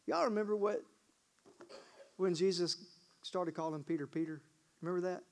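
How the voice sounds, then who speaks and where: A man with a high voice and a drawl delivers a sermon. He is emphatic and keeps turning to the congregation with questions. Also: moderate pace. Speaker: pastor.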